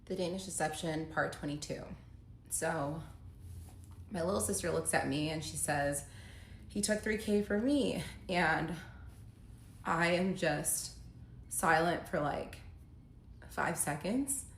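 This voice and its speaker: A woman's voice: low voice, fairly even intonation, slow pace, vocal fry, pauses often, fairly bright tone, echoey room, slight background noise. A woman telling her own story to viewers in a confessional, emotional way, reading out quoted text messages. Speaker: storyteller recounting her marriage. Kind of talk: personal storytime vlog.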